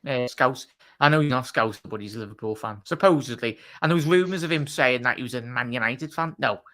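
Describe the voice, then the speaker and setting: Bright, blunt football fan man. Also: mid-range voice, fairly quick. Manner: blunt, opinionated, says mate a lot. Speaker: guest on football predictions show. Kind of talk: casual football chat.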